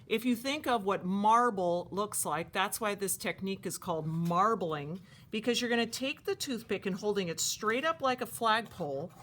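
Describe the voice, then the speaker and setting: Woman, camp art teacher, craft demo for kids, chatty and animated, sharp bright tone. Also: medium pitch, slight background noise. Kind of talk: craft demonstration for children.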